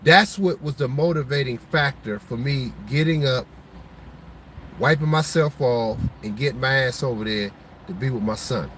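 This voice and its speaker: A man's voice: medium pitch, moderate pace, a bit bright, slight background noise, low-quality recording. Emotional man telling a personal story. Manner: emotional, heartfelt, with many restarts. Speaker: show host.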